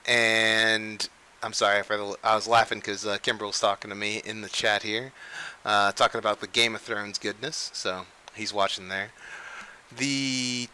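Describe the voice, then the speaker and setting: Young guy hosting a gaming news show, bright voice, rambly, keeps correcting himself. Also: fairly low pitch, smooth, low-quality recording. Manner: rambling, frequent restarts and self-corrections. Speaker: host of a game news show. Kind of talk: casual unscripted news chat.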